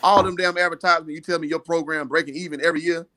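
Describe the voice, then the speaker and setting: Guy with a higher voice ranting, cussing, lots of uhs, dry sound. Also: fairly even intonation, racing, pushed and bright, no room sound. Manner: rambling, profane, fillers. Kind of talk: casual debate.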